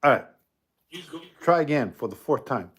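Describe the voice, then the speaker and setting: A man's voice: mid-range voice, normal speed, breathy edge. Streetwise man chatting, scolding a spirit. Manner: streetwise, scolding, animated asides. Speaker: paranormal streamer. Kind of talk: casual spirit-box chat.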